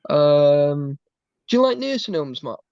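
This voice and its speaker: A man's voice: a little high, sing-song, unhurried, a little mellow, clean tone, no echo, lo-fi sound. A man in casual chat on a stream, rambling and calling everyone mate.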